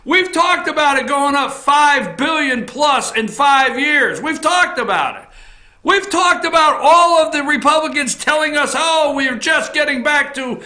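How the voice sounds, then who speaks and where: Man, talk show host, blunt swearing rant, shouting, very high pitch, roomy echo. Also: expressive, unhurried. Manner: frequently shouting. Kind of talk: opinion rant on politics. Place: office.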